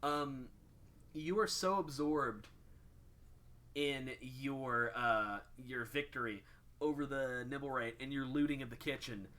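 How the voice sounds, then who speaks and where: A man's voice: medium pitch, bright, forceful tone. A man running a tabletop game as game master, casual and full of ums. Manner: casual, lots of ums and uhs.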